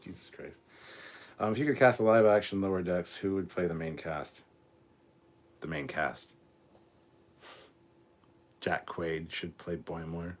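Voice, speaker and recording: A man's voice: sits low, takes it slowly, long pauses. A man hosting a live stream, reading out chat comments in a casual, crude way with plenty of swearing. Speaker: host.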